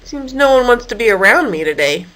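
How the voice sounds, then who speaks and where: A woman voicing a big, lonely female hippo in a children's story, talking in a slow, heavy way. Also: on the high side, sing-song, fairly bright tone. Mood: sad.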